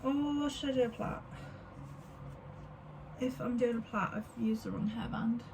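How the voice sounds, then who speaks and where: A woman's voice: on the high side, unhurried, creaky, noisy background. A woman in her twenties, rambling and swearing freely as she chats to camera while getting ready at a mirror at home. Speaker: beauty vlogger. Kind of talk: casual chat to camera.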